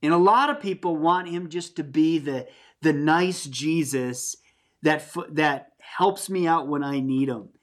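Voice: medium pitch, measured pace. A Bible teacher giving a conversational sermon, earnest and plain-spoken, often restarting and adding asides.

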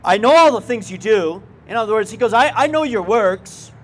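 A man's voice: sits high, lively intonation, fairly quick, a bit bright. A male pastor preaching a sermon in a conversational way, with folksy asides and questions to the congregation.

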